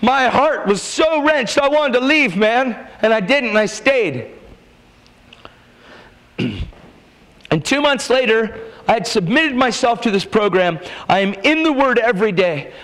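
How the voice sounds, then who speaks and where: At a church revival, a man preaches his testimony, telling his story with emphatic, animated delivery and quoting dialogue. His voice is very high-pitched and a little slow, and the recording is rough.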